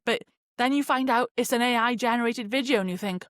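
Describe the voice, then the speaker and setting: A woman's voice: fairly high pitch, a little fast, dry recording, studio quality. Chatty young woman hosting a podcast. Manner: chatty, animated, many fillers like "like". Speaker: podcast host. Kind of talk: casual solo podcast talk.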